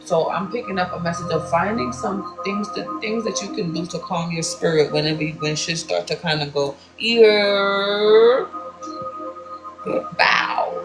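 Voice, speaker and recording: A woman with a New York accent gives a laid-back spiritual card reading in loose, slangy talk, swearing as she goes. Her voice sits low and gravelly. She is heard in an echoey room with loud music playing behind her. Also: fairly even intonation, fairly quick, hardly any pauses. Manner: loose and slangy, swears freely, calls viewers "baby". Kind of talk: casual spiritual reading to camera.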